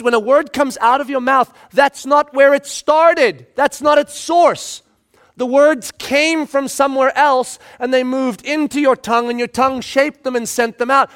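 A pastor delivers a storytelling sermon in a noticeably high male voice. His delivery is expressive, rising to loud emphasis at times and dropping to hushed tones at others. He is talking to a congregation. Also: unhurried.

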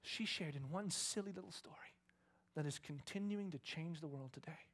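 Husky-voiced pastor, passionate sermon. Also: male voice, on the high side, moderate pace, fairly bright tone. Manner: impassioned, dropping often to a breathy whisper.

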